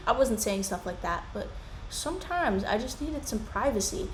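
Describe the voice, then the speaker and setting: A young woman in casual commentary chat, rambling and animated as she drifts from one tangent to the next. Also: fairly high pitch, moderate pace. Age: young adult. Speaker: commentary YouTuber. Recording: echoey room with faint hiss.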